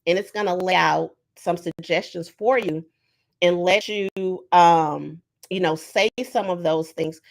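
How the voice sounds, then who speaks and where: A woman's voice: fairly low pitch, fairly even intonation, unhurried, creaky. A woman presenting a casual online workshop, talking conversationally with many fillers and acting out sample prompts. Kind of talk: casual webinar teaching.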